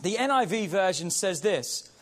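A man preaches from the pulpit in a high, carrying voice. He hammers key phrases over and over, stretching words out slowly for weight and rallying his listeners to respond. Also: lively intonation. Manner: emphatic, repetitive call-and-response preaching. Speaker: pastor. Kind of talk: sermon.

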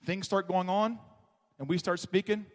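A pastor preaching a sermon in a church, with a passionate, repetitive preaching cadence. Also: male voice, sits high, fairly even intonation, normal speed. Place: church sanctuary. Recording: long reverb of a large hall.

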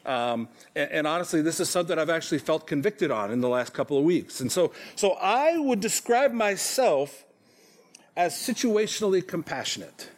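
A man's voice: a little high, sing-song, normal speed, few pauses. A man in his forties preaching a sermon to his congregation in a church, talking in a conversational, self-deprecating way and often checking in with "okay?". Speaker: pastor. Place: church sanctuary.

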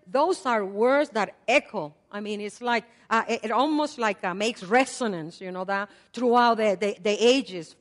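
Older woman preacher, mid-pitched voice, chatty sermon, loud-then-soft delivery, long church reverb. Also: normal speed, hardly any pauses. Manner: swings from loud repeated prayers to soft asides; conversational, with fillers and laughs.

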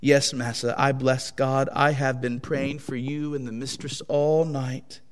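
A man voicing a meek and faithful enslaved man who answers quietly and humbly, in a hall with a long echo. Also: mid-range voice, little pitch movement, unhurried, close to an everyday voice.

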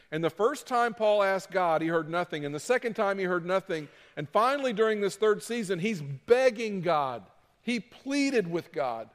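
A man preaching a sermon as pastor, dramatic, moving between loud pleading and quiet asides. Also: high-pitched, animated, normal speed, big-room sound.

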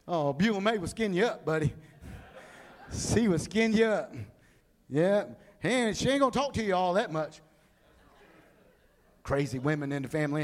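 A man preaching a humorous sermon, telling animated stories and acting out the people in them. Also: sits high, moderate pace. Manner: animated storytelling, acts out people.

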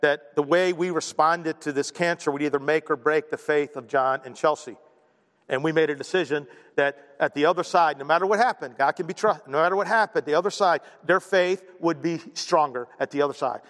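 With a slightly high voice and a long reverb tail around him, this middle-aged pastor delivers a lively, conversational sermon. He keeps asking "right?" and performs quoted voices.

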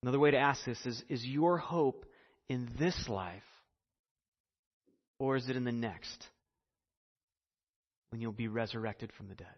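A man's voice: mid-range voice, unhurried, pauses often. Male pastor, earnest sermon delivery, church hall reverb, slightly muffled recording. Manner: earnest, building to emphasis, then hushed prayer.

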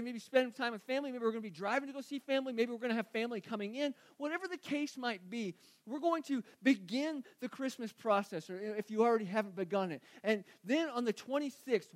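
A man preaching a sermon as a pastor, earnest, often repeating phrases and asking rhetorical questions. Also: very high voice.

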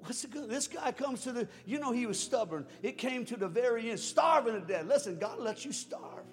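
High-voiced preacher in a reverberant hall. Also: male voice, expressive, brisk. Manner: swings from hushed to shouting; storytelling with chuckles. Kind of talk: sermon. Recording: long hall reverb, faint music.

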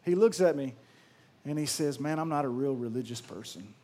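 A man preaching a sermon, swinging from loud emphatic lines to hushed storytelling. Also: medium pitch, normal speed. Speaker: pastor.

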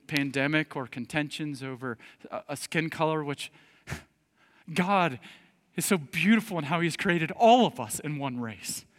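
Male pastor, high and bright, emphatic sermon delivery, loud and quiet by turns, long hall reverb. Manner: emphatic, swinging between loud rising appeals and quiet earnest asides.

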